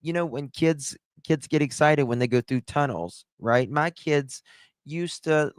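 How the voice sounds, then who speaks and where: A man hosting a true-crime livestream, talking in a halting, distressed way as his voice drops low. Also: clean tone, dry recording. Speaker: livestream host.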